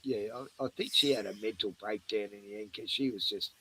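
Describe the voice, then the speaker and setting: A man's voice: lowish voice, fairly quick, pushed and bright, slightly rough. A man hosting a livestream, telling crude, rambling stories and chuckling often. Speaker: livestream host. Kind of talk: casual chat.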